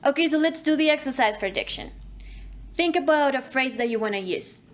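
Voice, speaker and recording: A woman's voice: high-pitched, animated, brisk. Woman teaching a voice acting lesson. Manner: instructive, demonstrates diction drills at varying speeds. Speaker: voice acting instructor. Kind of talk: online course lesson.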